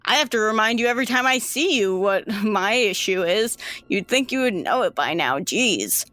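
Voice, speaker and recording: A woman's voice: medium pitch, lively intonation, moderate pace, sharp tone, dry recording. A woman voicing a crude, sulky young male patient in an asylum who swears and brushes others off. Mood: annoyed, dismissive.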